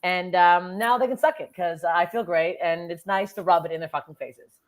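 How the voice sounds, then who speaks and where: A lowish voice at a moderate pace belongs to a Canadian woman in her thirties, a comedian appearing on a podcast. Her storytelling is casual, vivid, frank and full of swearing.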